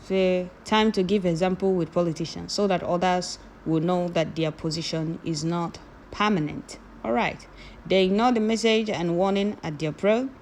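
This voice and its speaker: A woman reading viewer comments aloud, moving from calm reading to loud scolding. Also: lowish voice, a little hiss or hum.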